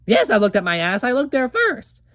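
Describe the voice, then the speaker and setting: Frantic young woman, performer-voiced, lively pitch, swearing, amateur cartoon drama. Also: fairly quick, no echo, dull audio. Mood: panicked. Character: frantic young woman who lost her engagement ring. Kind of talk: amateur animated drama voice acting.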